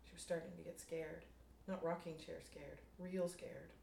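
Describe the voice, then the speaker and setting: Woman writer reads own story, low voice, echoey room off-mic. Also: flat delivery, moderate pace, gravelly, mellow. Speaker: writer reading her story. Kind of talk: reading her own fiction aloud. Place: room at a writers' group meeting. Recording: roomy room, distant mic, faint noise.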